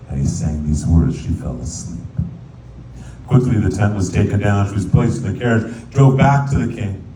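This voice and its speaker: A man with a low, mellow voice tells a folk tale as a sermon, animated and playful. He sometimes slips into singing a verse. He is heard from a distance in a reverberant sanctuary, with faint room noise behind him. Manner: animated storyteller, sings Hebrew verses. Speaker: rabbi. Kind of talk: storytelling sermon. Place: synagogue sanctuary.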